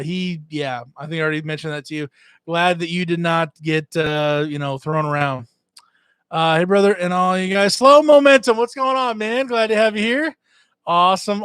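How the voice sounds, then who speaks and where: Chatty middle-aged man, clear higher voice. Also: a bit bright, dry recording, studio quality. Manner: greets chat viewers by name, many "uh" fillers. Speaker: livestream host. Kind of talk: casual live-stream chat. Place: at home, indoors.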